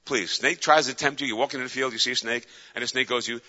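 Fervent male preacher, dramatic storyteller; bright, forceful tone, dull lo-fi recording. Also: medium pitch, fairly even intonation, fast talker. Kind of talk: sermon. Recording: dull lo-fi with long hall reverb.

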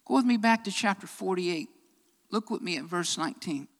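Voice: mid-range voice, animated, a little fast. A preacher delivering an emphatic sermon, repeating key phrases and building to raised, fervent passages. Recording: long hall reverb.

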